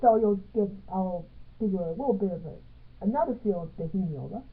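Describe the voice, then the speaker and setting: A woman teaching a music theory lesson, speaking in halting phrases and counting beats aloud with stress on the accented ones. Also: mid-range voice, animated. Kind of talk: piano music theory tutorial. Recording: tinny phone-like sound.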